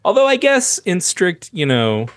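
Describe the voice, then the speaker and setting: A man co-hosting a casual comedy podcast, rambling and halting, with frequent laughs. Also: sits high, wildly swooping pitch, a bit bright, no echo. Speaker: podcast co-host.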